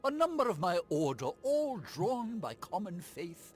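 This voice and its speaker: A man's voice: high-pitched, very animated, measured pace, faint music behind. An actor playing a fanatical male cultist missionary in a video game, creepy and sing-song, sometimes sinking into a whisper. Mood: zealous.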